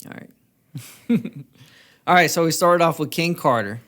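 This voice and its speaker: A man's voice: on the high side, a little slow, fairly bright tone. A man co-hosting a podcast, bantering and teasing as he goes through his album review notes. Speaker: podcast co-host. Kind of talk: casual album review chat.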